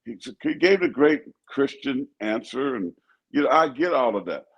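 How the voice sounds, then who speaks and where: An older man, a pastor and co-host, talking sports in an animated, preachy way that repeats itself. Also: medium pitch, moderate pace, vocal fry, slightly rough, dull audio. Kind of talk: casual sports talk.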